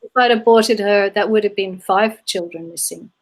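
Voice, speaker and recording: A woman's voice: medium pitch, normal speed, poor audio. A woman in her fifties with an Australian accent, answering interview questions plainly and matter-of-factly. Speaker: guest, activist. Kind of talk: casual conversational interview.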